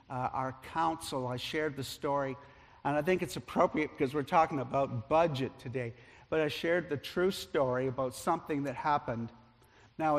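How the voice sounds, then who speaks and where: A male pastor with a somewhat high voice tells a story in his sermon, getting loud at dramatic moments and going soft at tender ones. The long reverb of a large church sanctuary surrounds his words.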